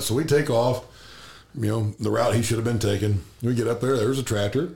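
A man's voice: mid-range voice, fairly even intonation, a little fast, vocal fry, a little mellow, a little hiss or hum. A man who farms, telling easygoing stories in casual chat, laughing as he goes. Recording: roomy echo.

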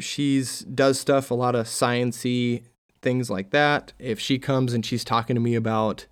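Male podcast host, relaxed conversational delivery, reads and comments. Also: medium pitch. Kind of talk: casual solo podcast chat.

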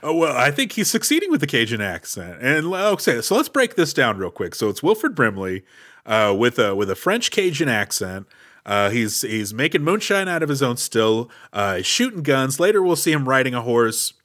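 A man's voice: medium pitch, very animated, moderate pace, a bit bright. A man co-hosting a casual movie podcast, playful and jokey, asking questions and laughing often. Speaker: podcast co-host.

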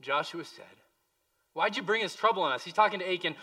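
Impassioned male pastor, bright voice. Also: high-pitched, expressive, fast talker, far from the mic. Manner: impassioned, swings from hushed to loud. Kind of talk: sermon.

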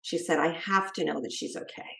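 A middle-aged woman, a guest author, telling a personal story in a lively way and acting out what others said. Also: low-pitched, fairly quick, vocal fry. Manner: lively storyteller who acts out quoted speech. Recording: echoey room.

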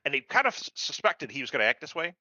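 A man co-hosting a podcast, full of swearing and quick put-on voices for the characters. His pitch swings widely and his tone is bright. The recording is dry and a little dull. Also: breathy edge, no room sound. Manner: profane, animated, acts out characters' lines. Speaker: podcast co-host. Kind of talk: crude casual chat reviewing a TV episode.

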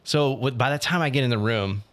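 A man's voice: medium pitch, brisk, fairly bright tone. A young man in casual chat, animatedly telling an audition story and quoting others. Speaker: actor telling about auditions.

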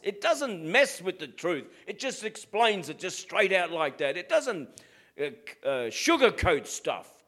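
A man's voice: high-pitched, sing-song, measured pace, fairly bright tone. A middle-aged Australian man preaching a sermon as pastor, in a plain-spoken, direct way.

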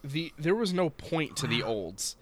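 A man's voice: on the high side, big pitch swings, measured pace, crowd noise. A man co-hosting a podcast, recapping a show in casual chat, profane and jokey, laughing often. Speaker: podcast co-host.

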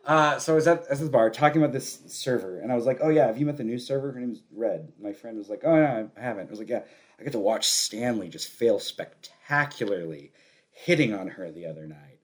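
A male podcast co-host with a lively, swinging voice, telling a story in loose casual chat. He rambles, laughs often and restarts his sentences as he goes. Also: medium pitch, fairly quick.

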